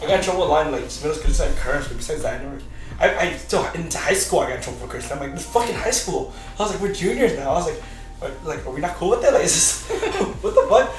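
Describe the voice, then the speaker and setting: A young man hosts a casual podcast, his voice high and his talk quick. He laughs through his school stories and swears freely. He sits a bit back from the mic in an echoey room with faint music behind. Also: lively intonation, distant mic. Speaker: podcast host. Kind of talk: casual chat.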